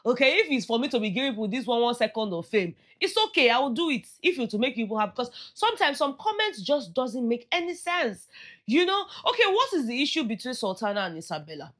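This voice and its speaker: A woman's voice: fairly high pitch, very animated, fast talker, fairly bright tone. A woman with a Nigerian accent giving casual gossip commentary on a reality show, chatty and slipping into Pidgin asides. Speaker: entertainment vlogger.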